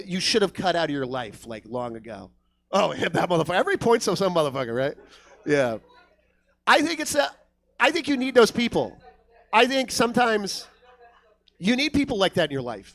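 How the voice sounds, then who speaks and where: A male comedian working a club stage, his voice pitched high and bouncing all over as he tells his stories. He swears freely and keeps jumping into other people's voices, all through a handheld mic. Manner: swearing, animated storytelling, acts out other voices. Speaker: stand-up comedian. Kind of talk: stand-up comedy set. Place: comedy club stage before a live audience.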